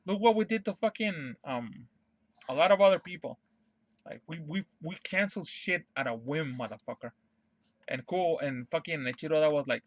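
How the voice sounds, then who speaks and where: A man's voice: on the high side, animated, moderate pace, no room sound. A man streaming a casual ranting monologue, profane and emphatic, repeating his points over and over.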